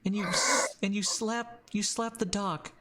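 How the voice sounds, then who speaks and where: A man voicing a young woman who speaks softly and haltingly to her love through a voice in his ear. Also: sits high, steady tone, over a noisy crowd, voice pushed up. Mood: tender pleading. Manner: halting, soft, pleading.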